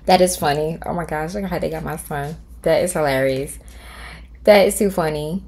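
A woman's voice: low-pitched, moderate pace, darkish tone. Chatty woman hosting a home tutorial. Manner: chatty, talks to viewers as "y'all"; thinks aloud while typing prompts. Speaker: tutorial host. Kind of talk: casual screen-recorded tutorial.

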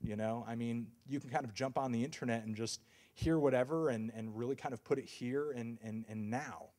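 A man's voice: medium pitch, fairly quick, darkish tone. A young man giving a casual university talk as a music reviewer, rambling and self-deprecating, with lots of fillers and restarts. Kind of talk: casual lecture.

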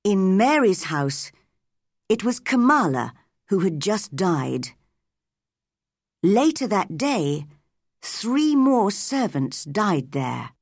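A woman reads a story aloud at a very slow, deliberate pace for English learners. Her voice rises and falls in a lively way. The recording is close and dry. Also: mid-range voice, no room sound. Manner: clear, deliberate. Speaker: narrator.

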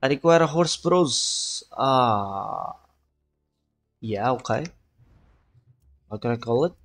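A man's voice: mid-range voice, expressive, slow, faint music behind. A man giving casual gameplay commentary, chatty and muttering to himself, swearing often, and putting on an accent for fun. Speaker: gaming video creator.

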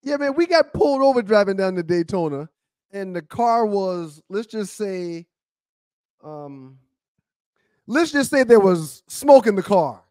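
A man co-hosting a talk show, telling an animated story in casual chat. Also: high voice, unhurried, no room sound. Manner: animated storyteller, acts out other people's voices. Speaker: co-host.

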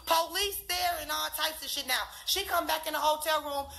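Young woman, high pitch, heated profane storyteller, hammers points by repeating them. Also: normal speed, bright, forceful tone, soft background music. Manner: profane, emphatic, repetitive. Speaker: friend telling her account.

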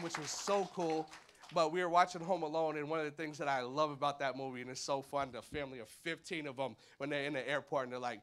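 A man's voice: on the high side, fast. A man in his thirties preaching in a church, talking casually with slang and acting out the voices of people in his stories. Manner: animated, acts out voices, colloquial slang. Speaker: pastor. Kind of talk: sermon. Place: church hall.

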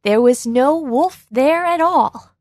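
A woman narrating a children's read-along storybook in a clear, expressive way, recorded on a close mic. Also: high-pitched, slow, dry recording.

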